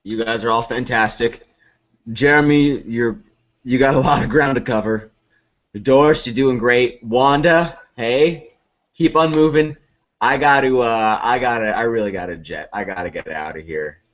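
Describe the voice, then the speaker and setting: A man's voice: medium pitch, moderate pace, fairly bright tone, lightly acted. A man playing a bossy, blustering improv teacher who berates his students in a comedy sketch. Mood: hurried. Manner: bombastic, berating, barking insults. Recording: lo-fi recording.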